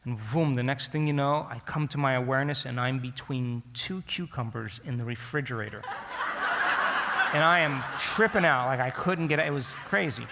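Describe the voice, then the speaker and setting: A man's voice: mid-range voice, fairly quick, vocal fry, hardly any pauses, a bit bright, long reverb tail, slight background noise. A man telling a story to an audience as a lesson. He asks them direct questions and acts out his own past thoughts. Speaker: speaker teaching an audience. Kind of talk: storytelling lecture.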